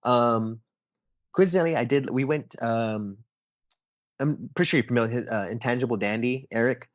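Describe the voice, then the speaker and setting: Young adult man, podcast guest, casual animated storyteller, mid pitch, dry sound. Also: moderate pace, dry recording. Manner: animated storyteller, acts out quotes, many fillers like "like" and "um". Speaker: podcast guest, toy photographer. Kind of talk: casual interview chat.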